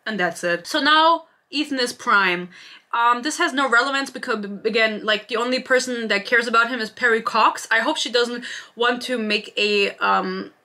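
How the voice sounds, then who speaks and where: A woman's voice: on the high side, sharp tone. A young woman in her twenties reviewing a book in a casual, sarcastic rant, swearing freely. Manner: sarcastic, swears freely, mimics characters in quotes.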